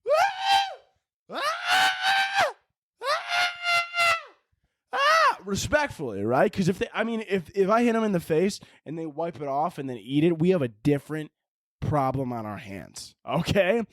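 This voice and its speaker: A man hosting a solo podcast, rambling through a crude, profane comedic monologue with animated swings in his delivery. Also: on the high side, brisk, dry recording, clean studio sound. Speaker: podcast host.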